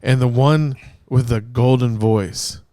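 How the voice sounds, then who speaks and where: A man's voice: mid-range voice, steady tone, slow pace, mellow, dry recording, clean studio sound. Rowdy man hosting a tipsy podcast. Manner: rowdy, swearing, laughing storyteller. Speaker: podcast host. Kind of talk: casual drunk podcast banter. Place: hotel room.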